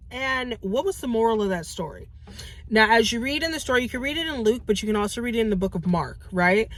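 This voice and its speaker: A young woman giving casual, lively Bible teaching to women, calling them baby and girls and acting out the voices in the story. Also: medium pitch. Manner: animated, acts out quoted voices, calls listeners baby and girls. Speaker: Christian teacher.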